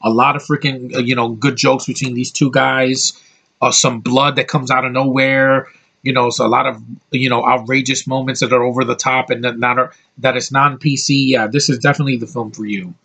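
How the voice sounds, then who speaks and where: A man's voice: medium pitch, flat delivery, brisk, creaky, pushed and bright. Blunt American man reviewing a movie. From United States. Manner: blunt, opinionated, swears freely; rambling with frequent restarts. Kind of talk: casual spoken film review.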